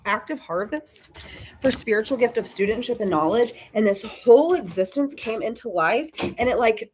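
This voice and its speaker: A woman talks casually to a live audience from her home, storytelling with lots of movement in her voice. Her pitch sits in a middle range. She acts out her own back-and-forth with God, dipping into softer asides. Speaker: spiritual talk host. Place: at home, indoors.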